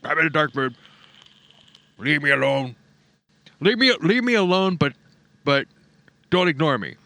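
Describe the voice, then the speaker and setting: A man's voice: on the high side, big pitch swings, a little slow, vocal fry, pushed and bright, dry recording, exaggerated voice. A man putting on the voice of a sulky, self-pitying young man who whines petulantly in a sing-song way.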